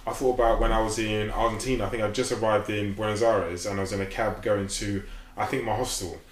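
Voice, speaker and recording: Man, low voice, measured hesitant storytelling, casual chat, roomy echo. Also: fairly even intonation, slight background noise. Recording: echoey room.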